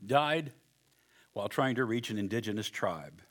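A man preaching a sermon, animated and joking, acting out the people in his story. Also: on the low side, normal speed. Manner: animated, acts out voices with humor. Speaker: pastor.

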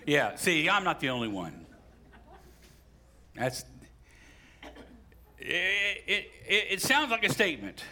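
Bright-voiced male pastor preaching. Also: high voice, a little slow, pauses often. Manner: animated preaching with sudden rises for emphasis and asides to the congregation. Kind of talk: sermon.

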